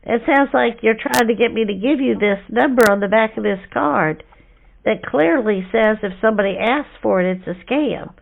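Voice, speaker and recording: A woman's voice: a little high, moderate pace, vocal fry, phone-quality sound, a little hiss or hum. A woman playing a sassy churchgoing woman who bluntly calls out a phone scammer. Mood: suspicious. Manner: blunt, teasing, suspicious. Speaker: scam baiter. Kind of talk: prank phone call.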